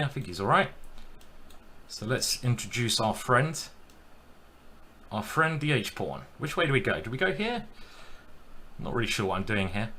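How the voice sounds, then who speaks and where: Male chess streamer, bright voice, wry running commentary, faint hiss. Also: lowish voice. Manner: self-deprecating, thinking aloud. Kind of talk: live commentary on his own games.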